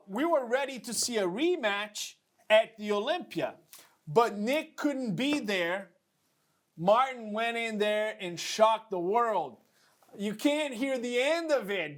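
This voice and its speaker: A man's voice: high voice, takes it slowly. A man hosting a casual talk show, telling stories and mimicking other people's lines. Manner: animated storyteller, mimics others. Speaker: podcast host. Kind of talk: casual bodybuilding chat.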